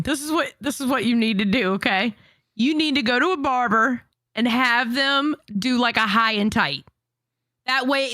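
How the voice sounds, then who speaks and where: A woman hosting a casual livestream, animated and teasing, swearing freely. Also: on the high side, no echo. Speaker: stream host.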